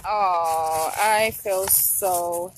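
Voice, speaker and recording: A woman's voice: lowish voice, fairly even intonation, extremely slow, noisy background. A woman vlogging to her viewers, emotional and close to tears, speaking in a heartfelt way and often repeating herself. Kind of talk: emotional vlog to camera.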